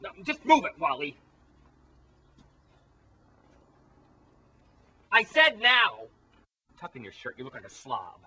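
A man's voice: medium pitch, fast talker, pushed and bright, breathy edge, low-quality recording. A man playing a bossy, pushy female documentary filmmaker with a grating voice, in an amateur comedy spoof. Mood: indignant. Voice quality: grating, annoying voice. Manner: pushy and snappish, ordering others about.

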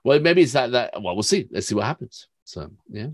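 A man's voice: medium pitch, very animated, a little fast, no room sound, studio quality. A man co-hosting a music reaction video, chatting casually, laughing easily and giving short agreeing replies. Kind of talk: casual chat.

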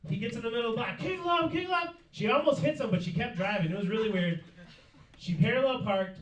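Stand-up guy in a club, high lively voice, roomy far-off sound w loud crowd noise. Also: fast. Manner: storytelling, laughing through lines. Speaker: stand-up comedian. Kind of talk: stand-up comedy set. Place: comedy club stage.

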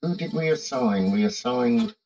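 A man's voice: on the high side, huge pitch swings, normal speed, creaky, a little mellow, lo-fi sound. A man casually commenting on a management game, thinking aloud with hums and fillers and reading the game's text aloud. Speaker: game streamer.

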